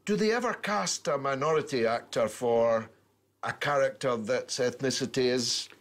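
A man's voice: medium pitch, moderate pace, a bit bright. An older man hosting a broadcast interview, asking pointed questions with asides. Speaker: talk show host.

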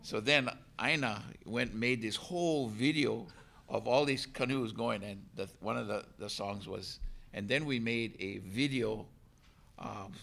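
A man, a canoe crew member telling a lively story to a hall audience and acting out the voices. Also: fairly low pitch, unhurried, gravelly. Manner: animated storyteller, laughs and acts out voices. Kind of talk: storytelling talk.

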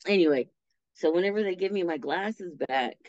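A woman guest telling her story in an interview, animated and acting out the voices of people she quotes. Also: on the low side, moderate pace, dry recording, highs cut off. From Texas.

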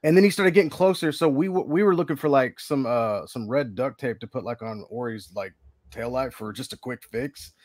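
A man's voice: medium pitch, brisk, darkish tone, no room sound, studio quality. A man hosting a casual livestream from his hobby room, telling rambling, laugh-filled stories. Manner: laughs often, rambling anecdotes. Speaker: livestream host. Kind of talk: casual chat.

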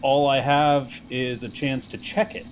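A man's voice: mid-range voice, flat delivery, measured pace, soft background music. A man streaming a game, joking playfully and reading on-screen text aloud in casual commentary.

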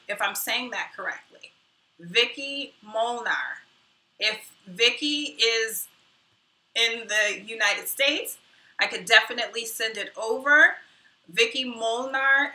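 A woman's voice: a little high, pushed and bright. A woman hosting her own live stream in casual chat, self-deprecating and muttering asides to herself. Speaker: YouTube host. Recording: roomy echo, mic at a distance.

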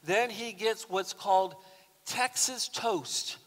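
Male pastor, fairly high voice, folksy story-filled sermon, long church-hall reverb. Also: takes it slowly, a bit bright. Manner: conversational storytelling with humor. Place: church sanctuary.

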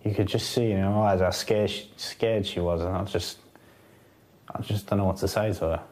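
A man's voice: low voice, fairly even intonation, moderate pace, a little mellow, a little hiss or hum. A man in an interview, speaking hesitantly and sounding shaken. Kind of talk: emotional interview. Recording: distant mic with faint ambience.

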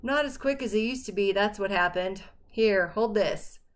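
A woman voicing a gruff old man, a cussing ex-governor hermit who growls and grumbles his orders. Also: mid-range voice, moderate pace, close to an everyday voice.

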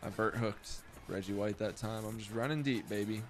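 A man's voice: lowish voice, moderate pace, soft background music. Profane young man streaming a game. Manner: profane, self-mocking trash talk with sudden outbursts. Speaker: gaming streamer. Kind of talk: live gameplay commentary.

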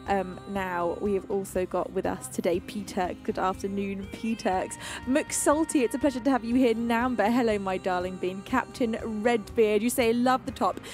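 A woman from the UK hosting a livestream, greeting her chat in a playful, affectionate, deliberately calm and soothing voice. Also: mid-range voice. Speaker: streaming singer-songwriter host. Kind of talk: casual livestream chat reading chat messages. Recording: faint music playing behind.

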